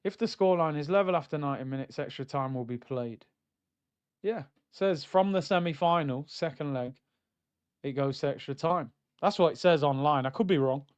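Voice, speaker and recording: A young man reacting live to a football match on stream, swinging between loud outbursts and low muttering. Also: moderate pace, clean tone, dull audio. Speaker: watchalong streamer.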